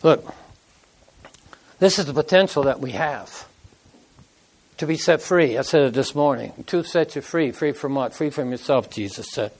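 High-pitched older guy preaching, loose and folksy, tells stories like at a kitchen table. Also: normal speed, pauses often. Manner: folksy, conversational, acts out quotes. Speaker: pastor. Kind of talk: casual sermon storytelling.

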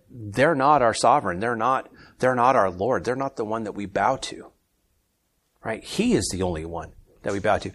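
A man leading a casual Bible study, reading scripture aloud with more force and then commenting in a low, easygoing aside. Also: fairly bright tone. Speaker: Bible teacher.

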